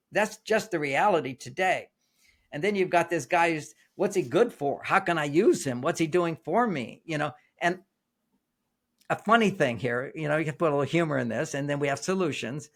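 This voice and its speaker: A man's voice: a little high, fairly bright tone. An older man, a relationship author, explaining his ideas in an interview with anecdotes, often repeating and restarting phrases.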